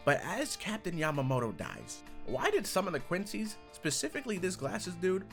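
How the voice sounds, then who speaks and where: A young man casually reviewing an anime, talking in animated bursts that jump loud and excited. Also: mid-range voice, normal speed, hardly any pauses, soft background music.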